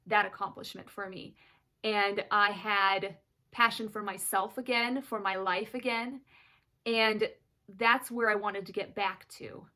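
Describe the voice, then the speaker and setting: A woman's voice: mid-range voice, pushed and bright. A woman in her thirties speaking in a candid personal vlog, earnest and emotional, close to tears at times. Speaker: mother of twin daughters sharing her story.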